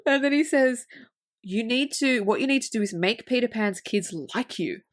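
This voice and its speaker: A woman with a slightly high voice chats on a movie podcast. She retells scenes with relish, acting out the lines and laughing along. Her talk is loose and peppered with swearing. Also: normal speed. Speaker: podcast co-host. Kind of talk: casual film review chat.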